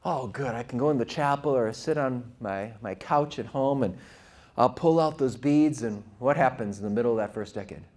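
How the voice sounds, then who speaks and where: A Catholic speaker giving a talk to a live audience, earnest and conversational, who often asks the audience questions. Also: male voice, mid-range voice, normal speed, a little mellow. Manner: vivid storytelling with quoted voices.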